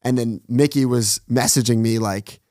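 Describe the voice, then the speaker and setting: Steady and a bit dark in tone, this man's medium-pitched voice comes through clean, dry studio sound. A guest on a podcast who also runs an online show, he tells casual stories quickly, voices the quoted dialogue, and uses "like" constantly.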